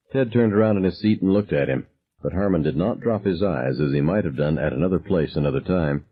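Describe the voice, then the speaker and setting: A man reading a novel aloud as narrator, calm and measured, dropping low on dialogue tags. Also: breathy edge, phone-quality sound. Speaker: audiobook narrator. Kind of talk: scripted narration.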